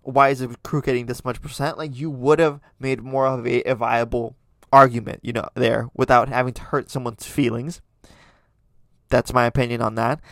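A man's voice: medium pitch, little pitch movement, moderate pace, no room sound. A man hosting a casual podcast, commenting on tweets in a chatty, opinionated way with many fillers and restarts. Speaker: podcast host.

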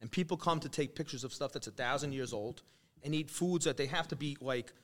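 A man's voice: medium pitch, fairly quick. A man hosting a casual conversation, telling stories animatedly and acting out the people he quotes. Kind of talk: casual chat.

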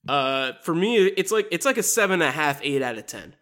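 Animated, laughing movie podcast host. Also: mid-range voice, fairly quick. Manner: animated, laughing, stumbling restarts. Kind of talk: casual movie review chat.

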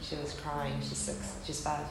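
Her voice is deep and creaky, delivered completely flat and a little slow. In an echoey hall with a faint hum, this woman in her thirties tells a faith-gathering audience a candid, earnest story of loss.

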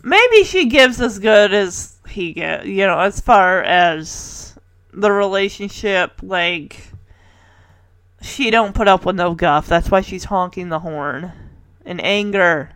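A woman's voice: medium pitch, animated, takes it slowly, a bit bright, no room sound. A woman in casual chat, retelling a sitcom episode with chatty, giggly asides and playful quoted lines. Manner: chatty, giggly, quoting characters in playful voices. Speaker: podcast host recapping a sitcom episode.

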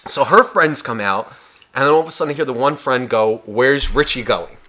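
A young man with a bright, forward voice tells a bar story on a podcast. He swears constantly and acts out every line of dialogue, voicing each person in turn. His pitch sits at an ordinary middle level. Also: brisk. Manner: profane, animated storyteller acting out dialogue. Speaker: podcast co-host. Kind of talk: casual storytelling chat.

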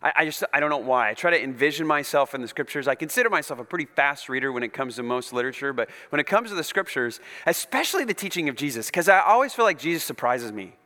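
A male pastor preaches in an emphatic, conversational way. His bright, high voice swings widely in pitch. Long reverb from a large hall surrounds him. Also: expressive, quick pace, few pauses. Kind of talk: sermon.

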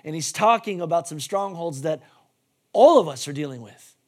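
A male pastor preaching a sermon emphatically, swinging between shouting and hushed tones. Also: a little high, animated, normal speed.

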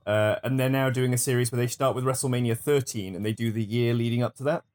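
A man's voice: mid-range voice, fairly even intonation, fast talker, a little mellow. A man co-hosting a podcast, joking and laughing through casual chat. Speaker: podcast co-host.

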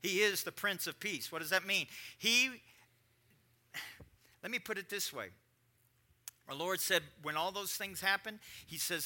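A man preaching a conversational sermon, repeating lines and swinging between quiet and emphatic delivery. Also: sits high, measured pace, long pauses. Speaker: pastor.

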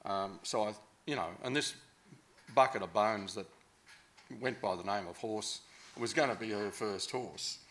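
A man's voice: fairly low pitch, measured pace, a bit bright. An Australian man telling a long, casual anecdote, rambling and hesitant with many fillers.

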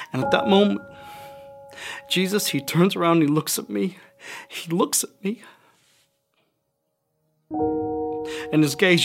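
A man's voice: on the high side, natural voice. A man playing Peter, a remorseful fisherman disciple, in an earnest, confessional first-person monologue. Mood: anguished. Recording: music underneath the voice. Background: music playing.

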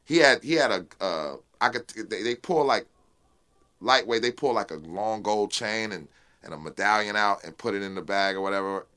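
A man being interviewed as a rap guest, talking casually and with passion, full of street slang and repeated "you know what I'm saying", while high. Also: expressive, normal speed, sharp tone, smooth. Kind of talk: casual unfiltered interview talk.

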